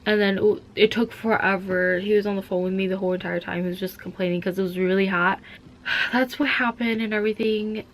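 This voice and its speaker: A young woman from Minnesota chats casually to camera in a vlog, her mid-range voice fairly even and a little fast. She rambles and uses "like" constantly, and there's a slight hiss or hum in the audio.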